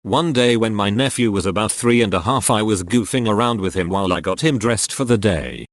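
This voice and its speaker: A man reading short anecdotes aloud in a steady, matter-of-fact way. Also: lowish voice, fairly quick, no room sound, clean studio sound. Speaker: narrator reading online posts.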